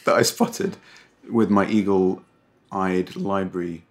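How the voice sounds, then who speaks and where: A man with a lowish voice who hosts a book discussion. He praises the writing with eager, admiring enthusiasm. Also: steady tone, slow.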